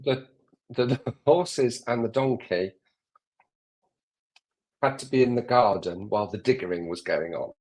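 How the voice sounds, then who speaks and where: A man's voice: medium pitch, unhurried, long pauses, darkish tone. A man co-hosting a casual livestream, adding short, dry comments to the chat.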